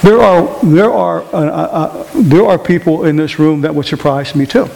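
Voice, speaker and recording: A male pastor delivers a lively sermon, jumping into high mimicked voices as he tells his stories. His voice sits a little higher than most men's. It rings out through a reverberant church hall over a faint hiss. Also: normal speed, creaky. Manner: animated storytelling with mimicked voices. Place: church sanctuary.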